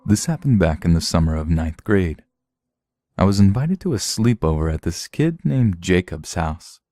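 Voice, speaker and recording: A man narrating true horror stories in a steady, measured storytelling read. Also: low voice, dry recording.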